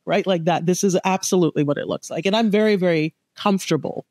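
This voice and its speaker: A woman's voice: lowish voice, quick pace, a little mellow, dry recording. A woman in her fifties, a guest author in a conversational interview, who talks animatedly and acts out quoted dialogue. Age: 50s.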